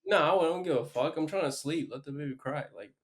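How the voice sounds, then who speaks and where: A man's voice: fairly high pitch, a little fast. Laid-back teasing young man. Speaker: podcast co-host. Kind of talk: casual chat. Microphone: remote call mic.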